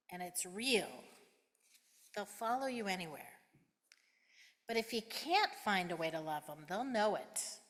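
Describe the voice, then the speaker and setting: A middle-aged woman minister preaching a sermon, measured and emphatic, with deliberate pauses. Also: mid-range voice. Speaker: guest minister. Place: church sanctuary. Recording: reverberant sanctuary sound.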